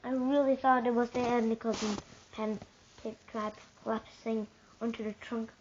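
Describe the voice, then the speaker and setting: High-voiced woman reading a children's story. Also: normal speed, highs cut off, slight background noise. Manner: lively, shouts the dialogue, drops soft for calm narration. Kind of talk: reading a children's book aloud.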